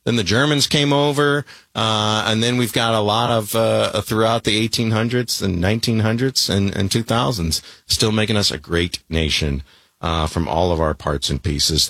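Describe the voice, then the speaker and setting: Low-voiced male talk radio host. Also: normal speed, fairly bright tone, no echo. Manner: conversational, easygoing.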